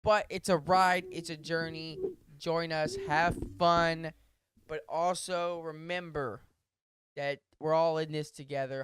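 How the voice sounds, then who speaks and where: A man's voice: fairly high pitch, fairly even intonation, takes it slowly, fairly bright tone, smooth. A man co-hosting a podcast in goofy, casual banter, swearing freely and slipping into mock voices. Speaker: podcast co-host.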